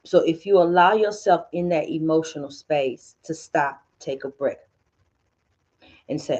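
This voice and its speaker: A woman hosting a spiritual teaching talk, calmly coaching listeners and acting out their inner dialogue. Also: low-pitched, normal speed, lo-fi sound. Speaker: host.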